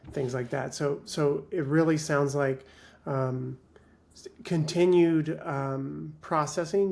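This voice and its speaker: A male life coach, a guest on a podcast, talks slowly and reflectively. His voice has a gravelly fry, and he pauses and hedges between his thoughts. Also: a little high, darkish tone. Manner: measured, with many pauses and fillers. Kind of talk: reflective interview talk.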